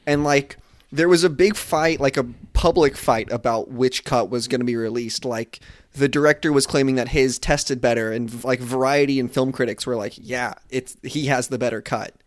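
A man on a movie podcast retelling events in a loose, rambling way, full of fillers. His voice sits at a middle pitch. The recording is dry and close. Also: normal speed, no echo. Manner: rambling storyteller, many "like" fillers. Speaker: podcast co-host. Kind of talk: casual movie discussion.

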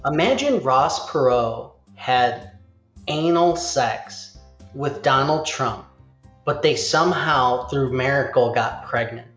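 Taking it slowly, a mid-range-voiced host rambles through a casual chat, animated, performing quotes as he goes. Faint music plays in a roomy, slightly dull recording.

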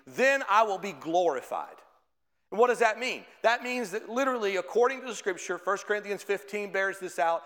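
A man preaching a sermon as pastor, emphatic, rising in pitch and force on his key points. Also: fairly bright tone. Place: church sanctuary. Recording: long reverb of a church hall.

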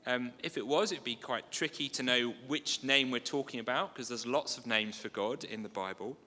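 A man preaching a sermon in a conversational way, with asides and gentle humour. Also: mid-range voice, normal speed. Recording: long hall reverb.

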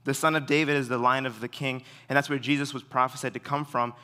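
A young man giving a sermon in a relaxed way, full of fillers, telling stories with animation. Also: medium pitch, quick pace. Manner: relaxed, filler-heavy storytelling; animated when retelling stories. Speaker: preacher. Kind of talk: casual sermon.

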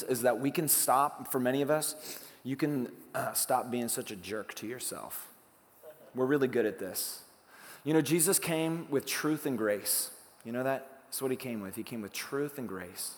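A man preaching a sermon from the pulpit, with a mid-range voice that carries a long hall reverb. He talks to the congregation conversationally, firing rhetorical questions and moving between soft, hushed lines and loud, emphatic ones. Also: mid-range voice. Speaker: pastor.

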